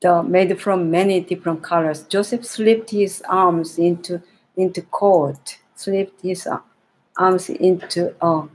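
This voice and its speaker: A woman tells a Bible story to young children at a slow, unhurried pace. Her voice is somewhat breathy and sits a little low. She reads gently, often stopping to restart a line or repeat a phrase. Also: fairly even intonation, poor audio.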